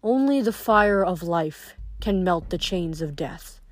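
A woman reading aloud, voicing a calm, solemn male god of death in a storybook. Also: fairly low pitch, slow, no echo. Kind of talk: audiobook reading.

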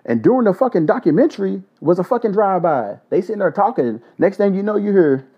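A man hosting a casual solo podcast, blunt and profane, giving joking shout-outs. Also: sits high, animated, quick pace, a little hiss or hum. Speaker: podcast host. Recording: dull lo-fi audio.

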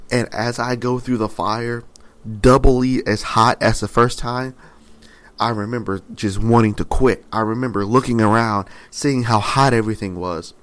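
A man's voice: medium pitch, natural voice. Man voicing a suffering clay cup that pleads. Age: 20s. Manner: anguished, repetitive questioning.

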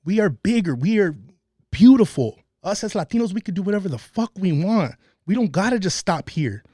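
A fired-up man talks through a story in casual podcast chat, cursing freely. His voice sits a little high for a man. The dry, close mic keeps the room quiet. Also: animated, fairly quick, no echo. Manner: passionate, swearing, tells stories. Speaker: podcast guest.

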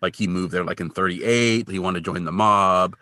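A man's voice: low-pitched, moderate pace, no echo, clean studio sound. A man co-hosting a podcast, casually recapping a TV episode and acting out quotes as he goes. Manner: animated retelling, acts out quotes. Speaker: podcast co-host.

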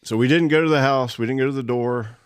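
A man's voice: mid-range voice, fast talker, clear, resonant tone. A man telling a hunting story in casual, colloquial speech, laughing as he goes. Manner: animated, laughs through his story; rural colloquial grammar. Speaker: guest storyteller.

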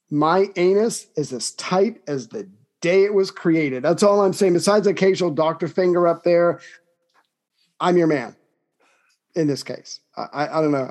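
A man's voice: fairly high pitch, darkish tone. A man co-hosting a casual history podcast, joking and rambling in a playful way. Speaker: podcast co-host.

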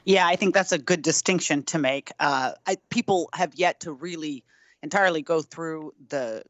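Measured woman commentator on a podcast. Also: low voice, no room sound, lo-fi sound. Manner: measured, analytical, with fillers. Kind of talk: political discussion podcast.

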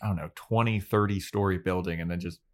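Brief: deep-voiced male podcast co-host, loose and profane, breaks into quick impressions while recapping. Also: steady tone. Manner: swearing, acts out characters' lines in loose voices. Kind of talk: casual recap chat.

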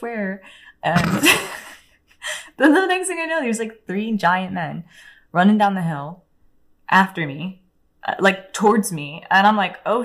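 Candid young woman with a low voice. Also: a bit bright. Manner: candid, profane, heavy use of "like". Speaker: interview guest. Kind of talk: casual storytelling.

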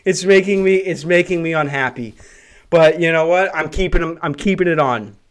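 A man's voice: a little high, normal speed. A man hosting a solo comedy podcast from a house, ranting in a crude, profane and self-mocking way. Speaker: podcast host. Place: hot brick house.

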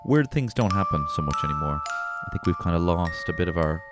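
A male podcast co-host telling a comic story deadpan, with sudden loud outbursts. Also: low-pitched, fast talker, loud music behind the voice.

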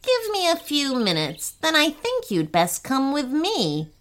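A lazy green iguana from a children's storybook drawls in a slow, unbothered voice, as a woman puts it on. Each word takes its time, and the voice rises and dips lazily between phrases. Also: sits high, huge pitch swings, a bit bright, voice pushed up, heavily acted.

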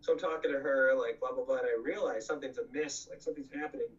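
A man's voice: mid-range voice, fast. A man who fronted a punk band tells rambling, profane stories in casual conversation, laughing often and filling his talk with "like" and "you know.". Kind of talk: casual anecdotal storytelling. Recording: slightly distant, dull lo-fi mic.

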